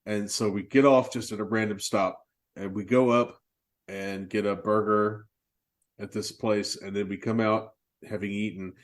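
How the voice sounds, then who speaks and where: A man's voice: fairly low pitch, fairly even intonation, normal speed. A man co-hosting a film podcast, telling long rambling anecdotes in casual chat and laughing at himself. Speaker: podcast co-host.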